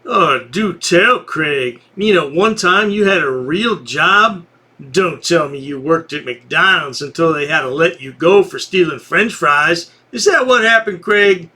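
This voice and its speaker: A man's voice: on the high side, animated, a little slow, pushed and bright, husky. A man hosting a commentary video, mocking the people in the clip in a sarcastic, taunting voice-over. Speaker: commentary channel host.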